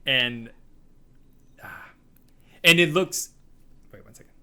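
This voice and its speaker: A man co-hosting a casual video game podcast, gushing and animated, often laughing. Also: a little high, slow, clear, resonant tone. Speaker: podcast co-host. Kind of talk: casual game review chat.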